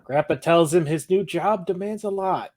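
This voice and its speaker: A man's voice: a little high, normal speed, a little mellow. Blunt, laid-back young man. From Ohio, USA. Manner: laid-back, blunt, swears and laughs often. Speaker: podcast co-host. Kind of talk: casual chat recapping a TV episode.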